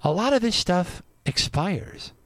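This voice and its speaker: Animated, indignant male radio host. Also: high voice, unhurried, dry recording. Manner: animated, indignant, swings between loud and quiet. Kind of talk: ranting monologue.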